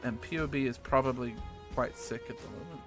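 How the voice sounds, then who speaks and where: This New Zealand gamer speaks fairly quickly in a mid-range voice with vocal fry. He rambles casually on stream with fillers and swearing while music plays behind him.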